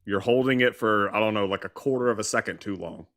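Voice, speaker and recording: A man's voice: fairly low pitch, quick pace, a bit bright. An American man co-hosting a call-in show, wry and picky about how the caller sounds. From United States. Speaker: co-host. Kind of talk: casual call-in chat.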